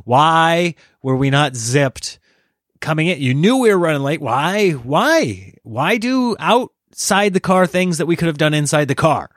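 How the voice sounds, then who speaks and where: A man with a fairly high voice rants in exasperation, telling a story casually on a podcast mic. The sound is dry and close, with no room echo. He pokes fun at himself as he goes. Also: unhurried. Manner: animated, exasperated ranting; self-deprecating, laughs at himself. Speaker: podcast host.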